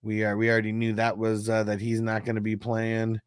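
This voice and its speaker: A man's low-leaning, clean-toned voice moves a little fast as he runs a casual fantasy football livestream. Animated and profane, he jokes, curses and keeps laughing while reading the chat aloud. The sound is studio quality, free of room sound.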